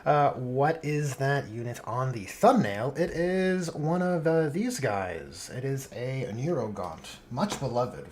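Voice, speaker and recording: A man hosting a relaxed live stream, painting miniatures and chatting with viewers in a dry, joking way. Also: medium pitch, takes it slowly, hardly any pauses, a little hiss or hum. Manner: laid-back, dry joking, reads chat aloud.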